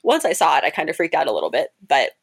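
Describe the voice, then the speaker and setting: A young woman in her twenties, an interview guest and cosplayer, telling stories in a casual, animated way with laughter and quick jumps in pitch for quoted voices. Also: creaky, breathy edge.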